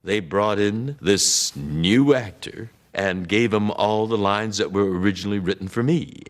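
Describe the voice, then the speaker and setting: A man's voice: on the low side, a little slow. An older male actor recalling an old grievance in an interview, indignant. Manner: indignant recollection.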